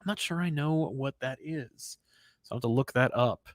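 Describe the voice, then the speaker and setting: A man co-hosting a casual comic-book show from a rented studio, reading viewer messages and acting out characters in animated asides. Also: mid-range voice, dry recording. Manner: animated, acts out characters in quick asides, many restarts. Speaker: co-host reading viewer super chats.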